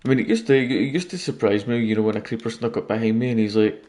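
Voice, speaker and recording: A man's voice: on the low side, steady tone, quick pace, a little mellow. A man casually commenting on his gameplay late at night, rambling and joking with viewers. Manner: rambling, jokey, talking to viewers. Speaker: gaming YouTuber.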